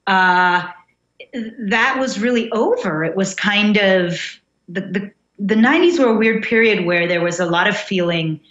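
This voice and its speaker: A young American woman, a guest writer in a casual interview, thinking aloud with many pauses, fillers and restarts. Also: medium pitch, fairly bright tone, reverberant, muffled recording. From United States.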